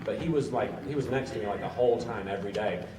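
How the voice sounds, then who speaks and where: A man's voice: on the low side, fast. A man telling a rambling anecdote to a convention panel audience, often restarting his sentences. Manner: rambling, self-interrupting anecdote teller. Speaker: panel guest. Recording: roomy, far from the mic, crowd noise.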